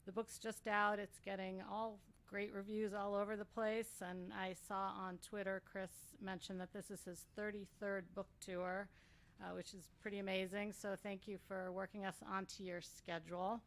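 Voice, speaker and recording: A woman at mid pitch hosts a bookstore author event. She gives the announcements and introductions casually, with hesitant fillers. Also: level tone, moderate pace, fairly bright tone. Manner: friendly, informal with fillers.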